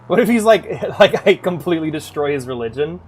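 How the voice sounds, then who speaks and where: A man streaming a video game, commentating casually and excitably, swearing often and reading game text aloud. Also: a little high, a little fast, a little hiss or hum.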